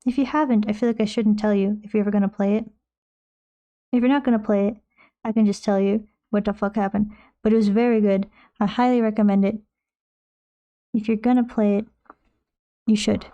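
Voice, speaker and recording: Rambling jokey woman streamer, mellow tone. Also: medium pitch, steady tone, moderate pace, long pauses, dull audio. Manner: rambling, jokey, breaks into silly voices. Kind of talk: casual chat while painting.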